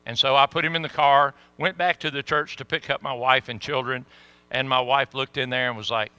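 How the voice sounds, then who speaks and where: Folksy man preaching, bright voice. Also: medium pitch, brisk, smooth, no room sound. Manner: folksy, animated storyteller. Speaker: pastor. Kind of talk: sermon storytelling.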